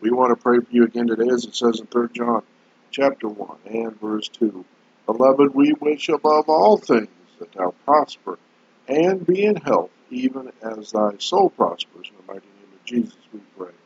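A male pastor hosts a daily radio devotional, his husky voice measured and earnest as he draws out his words. The audio sounds dull and lo-fi, like an old broadcast. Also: mid-range voice, expressive, a little mellow. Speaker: pastor and host.

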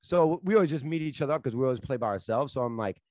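Brief: man, mid pitch, profane storyteller, casual podcast banter, dry close sound. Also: fast talker, no echo. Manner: profane, animated storyteller, laughs at his own stories.

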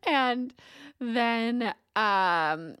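A woman co-hosting a book podcast, retelling chapters in a casual, animated way and laughing often. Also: fairly high pitch, extremely slow, smooth, no room sound, studio quality.

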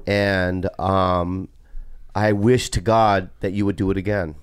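A man's voice: deep voice, level tone, slow pace, clean tone, no room sound, clean studio sound. A man hosting a podcast, chatting casually in a teasing, profane, jumpy way. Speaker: podcast host. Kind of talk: casual chat.

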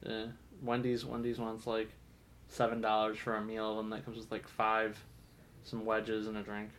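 A man's voice: on the low side, monotone, normal speed, a bit bright, a little hiss or hum. A man co-hosting a casual podcast chat in a comic shop, rambling with lots of fillers and restarts. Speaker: podcast co-host.

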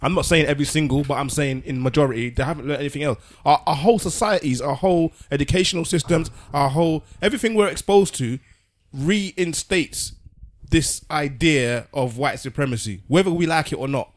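A man's voice: fairly high pitch, brisk. A man explaining his view in casual podcast talk, earnestly, often repeating words as he works through a point. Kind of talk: casual discussion.

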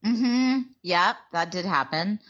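Co-host type: chatty, jokey woman with a slightly low voice, muffled lo-fi recording. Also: expressive, slow, fairly bright tone. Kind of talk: casual chat. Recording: dull lo-fi sound.

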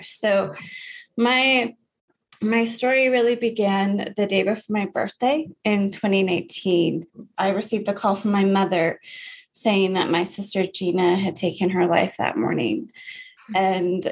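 A woman in her thirties, a grief coach, earnestly telling her personal story in an interview, with soft laughs. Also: medium pitch, steady tone, a little slow.

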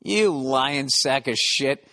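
A man's voice: medium pitch, slow, bright, forceful tone. A middle-aged man hosting his podcast from home in a casual monologue, ranting with profane, sarcastic asides. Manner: profane, sarcastic ranting with mocking put-on voices. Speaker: podcast host. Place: home, construction noise below.

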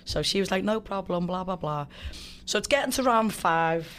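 Animated woman telling a story. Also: fairly low pitch, normal speed, a little hiss or hum. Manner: animated, swears freely, acts out quotes. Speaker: guest fighter. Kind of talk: casual storytelling.

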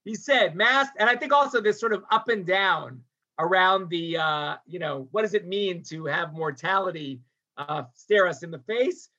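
Animated rabbi lecturing, bright lo-fi sound. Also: male voice, high voice, moderate pace. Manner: animated, voicing the text's characters, with frequent restarts. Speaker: rabbi teaching a text. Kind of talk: lecture on a religious text.

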